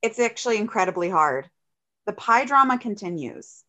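A woman's voice: medium pitch, expressive, normal speed, sharp tone, a little hiss or hum. A woman co-hosting a podcast, telling a rambling personal story in casual chat. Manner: chatty, rambling storyteller with fillers. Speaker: podcast co-host.

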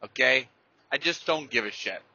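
His mid-range voice is expressive, bright and forceful, moving at a moderate pace as he hosts a podcast. He tells stories and rants in a rambling, casual, blunt and profane way, recorded dry and slightly dull in lo-fi with no room sound.

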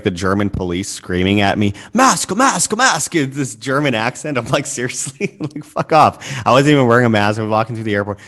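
A man hosting a talk show, speaking in a forceful, preachy way and swearing at times. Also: fairly low pitch. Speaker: show host. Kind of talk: impassioned commentary.

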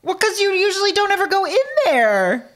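A woman in her thirties co-hosting a casual chat, teasing and defending herself with quick laughs. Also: extremely high pitch, sing-song, fairly bright tone. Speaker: podcast co-host.

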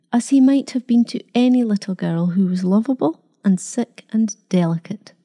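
An older grandmother speaking firmly and steadily, with a warm, low-toned voice, as a woman reads her lines. Her voice stays close to the narrator's own. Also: lightly acted. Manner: firm and steady. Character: older grandmother, firm and loving.

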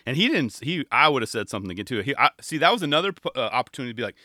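A man's voice: medium pitch, big pitch swings, rapid-fire, bright, forceful tone, dry recording, clean studio sound. A man talking casually about skateboarding commentary, laughing often and mimicking other commentators. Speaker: skateboarding podcast host and contest commentator. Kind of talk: casual monologue.

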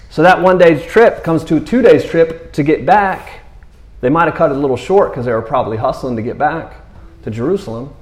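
A man preaching a sermon in a relaxed, conversational way, acting out quotes playfully. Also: on the high side, roomy sound. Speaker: pastor.

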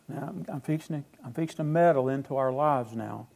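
A man preaching a sermon as pastor, emphatic, asking the congregation questions and answering them, his loudness swinging between phrases. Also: mid-range voice, brisk, creaky.

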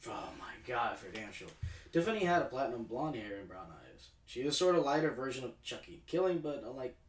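A podcast co-host talking casually in a loose, laid-back way and laughing loudly. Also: medium pitch, very animated, a little fast, echoey room, far from the mic. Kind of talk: casual chat.

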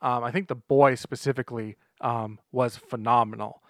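A man co-hosting a podcast, giving a measured, hesitant review full of ums. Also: mid-range voice, steady tone, no room sound, clean studio sound. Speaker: podcast co-host. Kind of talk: casual chat reviewing a TV show.

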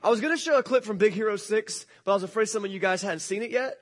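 A high-voiced male pastor tells the story in a loose, joking, animated way. He speaks to a church congregation that includes children. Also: quick pace. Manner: casual, jokey, animated retelling. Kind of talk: sermon storytelling.

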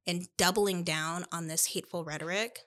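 A woman's voice: lowish voice, steady tone, normal speed, a bit bright. A middle-aged woman from Iowa, co-hosting a casual podcast chat, earnest and chatty with lots of fillers. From Iowa, United States. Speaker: podcast co-host, bookstore owner.

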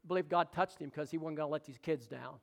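A middle-aged pastor with a drawl preaches in a fairly high voice. He calls out for amens and teases people in the pews between points. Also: fast, vocal fry. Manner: exclamatory, calls for amens and jokes with the congregation. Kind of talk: sermon.

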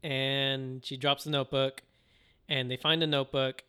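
A man's voice: medium pitch, level tone, moderate pace, bright, forceful tone, clear, resonant tone. A man co-hosting a podcast, casually retelling an anime episode in a rambling way and acting out the characters' lines. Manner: rambling storyteller, acts out quoted voices. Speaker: podcast co-host. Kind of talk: casual anime recap chat.

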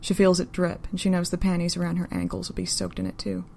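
A woman narrating a story in an even, unhurried, deadpan reading style. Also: lowish voice, creaky, slight background noise.

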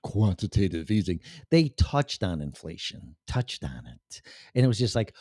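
A man's voice: low-pitched, big pitch swings, normal speed, a little mellow, dry recording, studio quality. A man hosting a livestream in a casual ranting monologue, profane and rambling, with sudden shifts of voice. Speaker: livestream host.

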